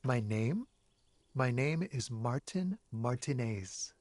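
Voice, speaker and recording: A quiet, nervous young man. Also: animated, takes it slowly, no echo, clean studio sound. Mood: evasive. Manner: quiet, lowered voice, evasive.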